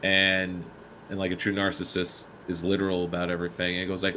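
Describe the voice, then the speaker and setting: A man casually telling a story on a podcast, animated and swearing, acting out the people he quotes. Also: low voice, quick pace. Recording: faint background noise.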